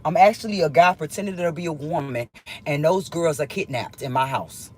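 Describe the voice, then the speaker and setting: Husky woman telling a heated story. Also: low-pitched, brisk, darkish tone. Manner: heated, emphatic, repeats lines for effect; swears freely. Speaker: vlogger. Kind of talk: casual storytelling to viewers.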